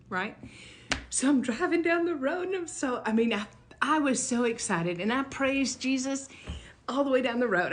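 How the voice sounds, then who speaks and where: Woman telling a story casually, kinda high voice, gets super animated then goes all hushed for the big moments. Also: measured pace, long pauses. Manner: animated, jumps high and loud when quoting her own excitement; drops to a hush or whisper for dramatic moments. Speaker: vlogger telling a personal story.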